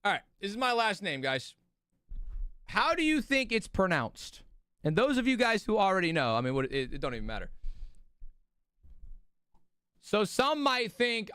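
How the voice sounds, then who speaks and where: Animated, high-voiced male streamer, rambling. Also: moderate pace, smooth, no room sound, clean studio sound. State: sleepy, yawning. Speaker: streamer hosting a watch party. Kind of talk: casual live-stream chat.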